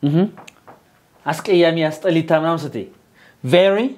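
Fast, high-voiced Ethiopian man teaching English. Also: a little mellow. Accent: Ethiopian, Amharic-accented English. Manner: quizzing and prompting, repeating words, asking "yes or no?". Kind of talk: bilingual English lesson, drilling vocabulary. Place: studio.

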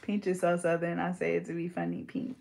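A woman's voice: on the low side, sing-song, fast talker, creaky, darkish tone, echoey room. A young woman, a hair braider and vlogger, chatting casually and teasing while she works, drawing out words in mock pronunciations.

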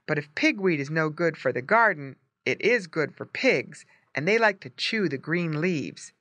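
Lively storybook narrator, clear and bright. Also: medium pitch, normal speed, no echo. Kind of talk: scripted storybook narration for English learners.

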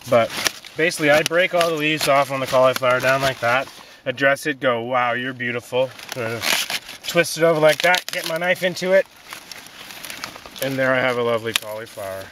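A man giving a relaxed, folksy gardening demonstration outdoors in his vegetable garden, with many fillers. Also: mid-range voice, fairly quick. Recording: distant outdoor mic, faint noise.

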